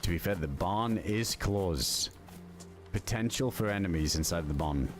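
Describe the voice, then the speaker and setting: A man's voice: sits low, expressive, measured pace, music in the background. Laughing, swearing male streamer. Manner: laughing, swearing, talking to himself. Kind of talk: casual gameplay commentary.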